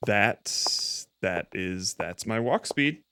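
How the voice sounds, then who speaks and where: A man's voice: lowish voice, animated, very slow, background noise. A man streaming a game, rambling and correcting himself as he stumbles over words. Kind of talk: casual gameplay commentary.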